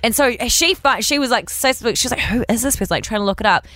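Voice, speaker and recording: A woman's voice: on the high side, fast talker, no echo. A woman with a New Zealand accent, co-hosting a casual radio show and telling stories in a chatty way, acting out the people she quotes. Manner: chatty storyteller, animated quoting. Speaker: radio host.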